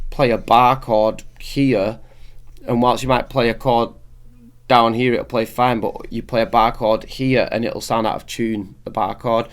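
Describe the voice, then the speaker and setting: A man giving a casual, step-by-step guitar setup tutorial, often restarting his sentences. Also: mid-range voice. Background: guitar playing.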